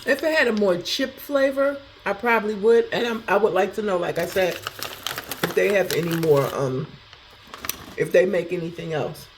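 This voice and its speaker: A woman casually chatting through a snack taste test, thinking out loud as she goes. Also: medium pitch, moderate pace, background noise. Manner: talks to herself while tasting, animated, chatty. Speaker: food review vlogger.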